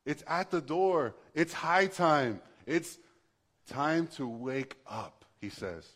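A man's voice: fairly high pitch, animated, slow pace, a bit bright. A male pastor preaching a sermon in a conversational, passionate way, building to emphatic bursts.

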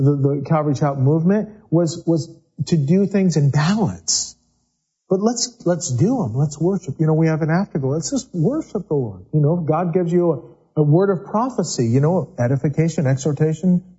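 Conversational male pastor, mellow lo-fi. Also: high-pitched, breathy edge. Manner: conversational, repeats words often. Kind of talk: sermon. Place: church sanctuary.

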